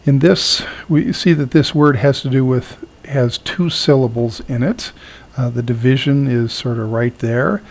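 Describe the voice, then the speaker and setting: Male instructor, gravelly low-mid voice, hesitant lecturing with lots of fillers, repeats words to show pronunciation. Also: darkish tone. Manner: halting, many fillers, repeats words slowly to model sounds. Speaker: teacher. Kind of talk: recorded lecture.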